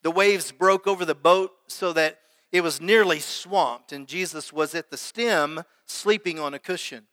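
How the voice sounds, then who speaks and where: Man, pastor, sermon, bright forceful voice, long hall reverb. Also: fairly high pitch, measured pace. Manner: preaches with prayer and call-and-response to the congregation.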